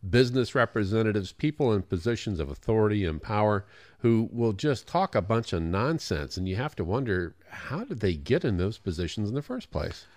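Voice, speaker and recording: A man's voice: on the low side, sing-song, fairly quick, darkish tone, no echo. An American man co-hosting a radio talk show, trading wry, self-deprecating comments in casual chat from the studio. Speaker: radio co-host.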